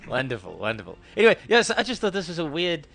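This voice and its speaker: A man's voice: a little high, wildly swooping pitch, fast, creaky, sharp tone. A man co-hosting a casual radio chat show, jokey and laughing often. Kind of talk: casual banter.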